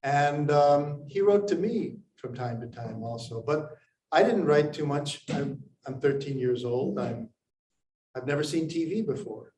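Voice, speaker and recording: Man from India, storyteller, pausing, unhurried, roomy sound, faint noise behind. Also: on the high side. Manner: unhurried, pausing, with lively acted quotes. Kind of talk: personal story told to an audience.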